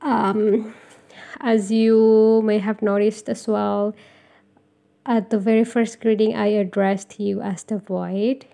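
Young indonesian woman rambling on her own podcast, slow and unhurried, lots of ums, kinda self-deprecating, warm mellow tone. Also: medium pitch, level tone, gravelly. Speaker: podcast host. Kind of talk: casual solo podcast monologue.

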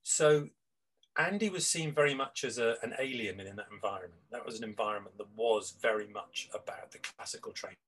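A man's voice: on the low side, fairly quick, fairly bright tone, slight background noise, low-quality recording. A middle-aged man, a guest on an interview, talking reflectively with many restarts and fillers. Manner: rambling, with frequent restarts and fillers. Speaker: guest, improv teacher.

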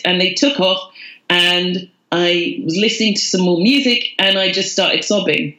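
A woman's voice: fairly low pitch, normal speed, bright, forceful tone, roomy sound, rough recording. A woman, a podcast guest telling her story candidly and with self-mockery. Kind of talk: casual storytelling.

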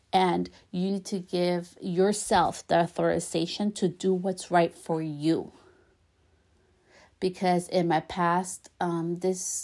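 A woman in her thirties hosting a heartfelt solo podcast, talking gently and warmly with encouraging affirmations and a light giggle now and then. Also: lowish voice, vocal fry. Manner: gentle affirmations, repeats herself for emphasis. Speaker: podcast host.

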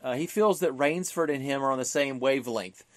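A man's voice: medium pitch, a little fast, no echo. Casual male podcast co-host, talkative, fillers and restarts, dry close mic. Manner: chatty, many fillers and restarts, acts out quotes. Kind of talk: casual film discussion.

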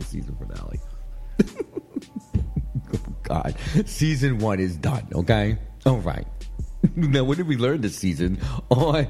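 A man's voice: fairly low pitch, a little mellow. A man hosting a casual gossip chat in a studio, rambling, laughing often and repeating "you know what I mean". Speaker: show host. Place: studio with guests. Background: faint music.

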